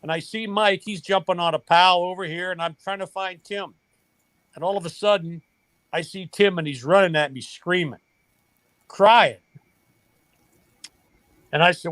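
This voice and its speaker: An older man tells a long personal story in an earnest, emotional way, his voice sitting a little high for a man. The sound is dry and close, with no room around it. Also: normal speed, pauses often, a bit bright, no echo. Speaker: guest, retired baseball coach. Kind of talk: storytelling in a podcast interview.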